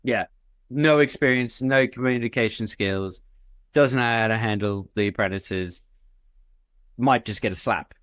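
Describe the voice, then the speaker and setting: A man, co-hosting a casual podcast, chiming in with quick jokey banter. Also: mid-range voice, a bit bright, dry recording. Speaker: podcast co-host. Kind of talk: casual chat.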